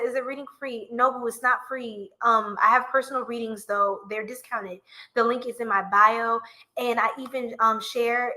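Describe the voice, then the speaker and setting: A woman's voice: on the high side, bright, forceful tone. A young woman reading tarot on a live stream, chatting playfully with viewers and a little short of breath. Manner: playful, chatty, singing bits of songs. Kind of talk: casual live-stream chat.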